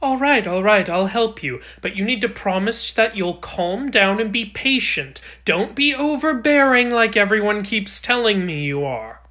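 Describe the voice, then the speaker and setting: A weary goddess guide, played by a man, talking slowly and bluntly, with dry criticism. The voice is bright, and the pitch wanders widely. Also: animated, heavily acted. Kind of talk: comedy sketch voice acting.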